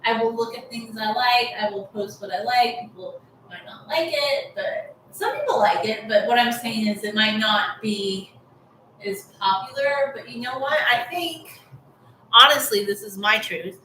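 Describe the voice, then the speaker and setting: Californian woman rambling about her hair, lots of "like", bright voice, really echoey room, mic kinda far. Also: fairly high pitch, expressive, measured pace, a little hiss or hum. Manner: rambling, frank, peppered with "like". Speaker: long hair vlogger. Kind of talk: casual talking-head vlog.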